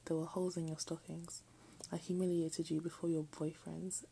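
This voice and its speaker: A woman reading a text aloud in a soft, often half-whispered voice, breaking off for self-mocking jokes. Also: sits low, flat delivery, normal speed, gravelly, a little hiss or hum, low-quality recording. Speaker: reader.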